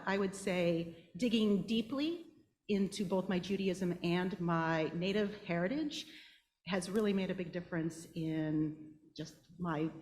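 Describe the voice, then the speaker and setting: A woman author speaking on a panel, soft-spoken and reflective. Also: fairly low pitch, slight background noise. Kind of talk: panel discussion introduction.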